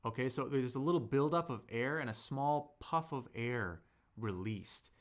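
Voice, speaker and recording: A man hosting a live-stream Chinese lesson, slowly explaining pronunciation with lots of fillers and thanking viewers in the chat. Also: medium pitch. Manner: slow, drawn-out speech with many fillers, demonstrating sounds.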